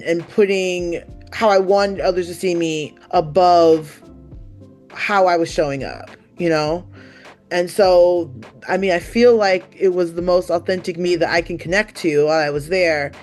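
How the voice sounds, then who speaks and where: A woman giving an earnest personal testimonial, halting and full of "like" and "you know", close to tears. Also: on the low side, darkish tone. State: emotional, near tears. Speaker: retreat participant giving a testimonial.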